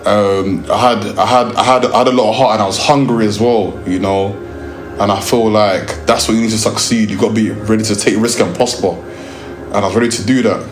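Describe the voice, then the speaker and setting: A young man with a London accent tells a lively, slang-heavy story from his work filming music videos. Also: fairly low pitch, brisk, echoey room. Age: young adult. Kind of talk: storytelling interview.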